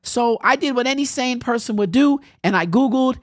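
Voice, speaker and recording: A woman's voice: a little high, normal speed, no room sound, studio quality. A young adult woman hosting a podcast, telling a personal story in a conversational way with bursts of laughter. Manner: animated, conversational, laughs while telling stories. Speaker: podcast host.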